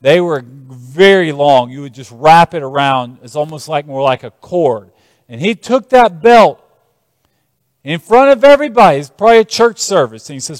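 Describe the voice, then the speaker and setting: A man preaching a sermon, retelling scripture as animated stories with shifting emphasis. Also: sits high, normal speed, no room sound, big-room sound.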